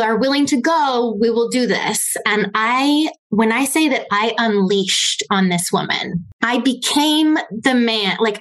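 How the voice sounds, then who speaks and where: A woman from Arizona speaks as a podcast guest, recounting her own story in a candid, conversational way. Her talk is loose and chatty, full of "like" fillers, and she slips small laughs in between phrases. Her voice sits in an ordinary middle pitch. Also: a bit bright, poor audio.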